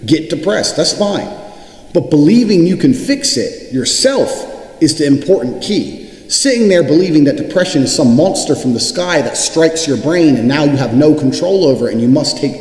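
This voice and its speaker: A man giving a blunt, profane, forceful motivational monologue. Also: on the high side. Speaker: motivational speaker. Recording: echoey room with long reverb.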